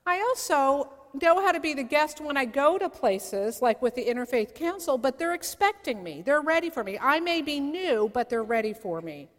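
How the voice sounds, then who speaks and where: A woman's voice: sits high, sing-song, normal speed, few pauses. A middle-aged woman pastor from the San Francisco area, preaching a sermon in a conversational storytelling way with playful asides. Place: church sanctuary. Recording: long hall reverb.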